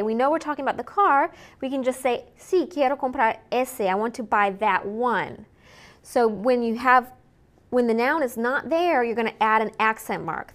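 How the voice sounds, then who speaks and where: A woman teaching a recorded Spanish lesson. She models short phrases clearly for repetition and explains them in English. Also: on the high side.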